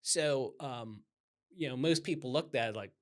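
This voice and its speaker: A man's voice: medium pitch, measured pace. A man who owns a roofing company, talking casually as a guest in an interview and acting out the customers he quotes. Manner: animated, acts out customer dialogue in quotes.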